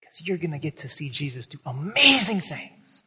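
Male pastor, higher voice, animated sermon delivery, church hall reverb. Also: moderate pace, breathy edge. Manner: animated, acts out quoted voices with big pitch jumps.

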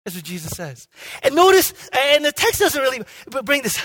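A male pastor preaching a sermon with emphatic swings between loud and hushed delivery, and frequent restarts. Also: extremely high pitch, sing-song, brisk. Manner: frequent restarts and "okay?" checks. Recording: long hall reverb.

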